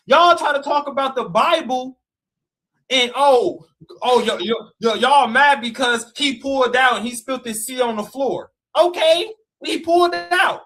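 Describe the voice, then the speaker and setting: A man's voice: very high-pitched, moderate pace, fairly bright tone. A man in a heated livestream rant, mocking and challenging, repeating his dares. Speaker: live stream guest debater. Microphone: live stream call mic.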